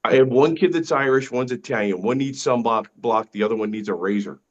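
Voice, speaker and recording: A middle-aged man tells jokes from his dining room over a video call, his delivery chatty and punchy, often tripping into quick restarts before the punchline lands. His voice sits at an ordinary male pitch. The call audio is dull and lo-fi. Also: a little hiss or hum. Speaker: stand-up comedian. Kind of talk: stand-up set on a video call.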